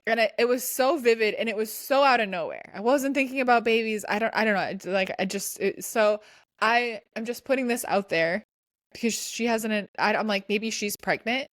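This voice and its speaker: Her voice leans a bit high and moves at a moderate pace as she co-hosts a podcast, telling a chatty, rambling story full of restarts and "like." The studio-quality sound has no echo.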